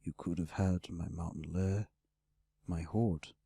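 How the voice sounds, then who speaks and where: A man's voice: steady tone, slow pace, vocal fry, warm tone, breathy edge, dry recording, studio quality, full character voice. A man voicing Searanox, a growling red dragon. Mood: grim. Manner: low, growling, curt. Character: brooding male red dragon, brutish and gruff. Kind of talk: audiobook character voice.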